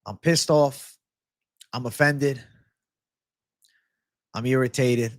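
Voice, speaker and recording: Slow-talking, swearing MMA betting host. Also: male voice, medium pitch, steady tone, no echo, studio quality. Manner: frustrated, profane, ranting to chat. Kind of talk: live-stream prop picks talk.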